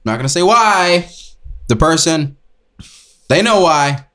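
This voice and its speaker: Animated young man chatting casually. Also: fairly high pitch, a little slow. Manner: joking, animated storytelling with fillers. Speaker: podcast co-host. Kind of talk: casual chat.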